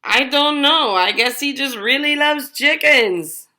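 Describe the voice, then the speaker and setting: A woman's voice: high voice, slow pace, sharp tone, heavily acted. A woman voicing a sly male snake with a sheepish, sneaky way of talking in a storybook. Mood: dreamy.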